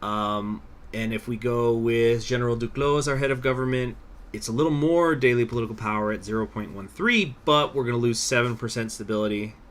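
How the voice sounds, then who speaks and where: A man's voice: mid-range voice, fairly quick, fairly bright tone. A young man live-streaming a strategy game, rambling casually with lots of fillers and swearing.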